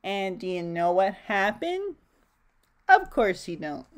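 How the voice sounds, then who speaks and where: Give me a woman reading a storybook to children at a slow, gentle pace. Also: mid-range voice, big pitch swings. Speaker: storybook reader. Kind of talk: children's story read-aloud.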